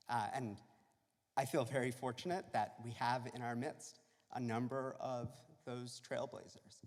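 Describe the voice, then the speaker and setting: A man giving an earnest, measured speech at a celebration, with some fillers. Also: mid-range voice. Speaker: state civil rights official. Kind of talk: public speech. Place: church. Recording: reverberant church hall.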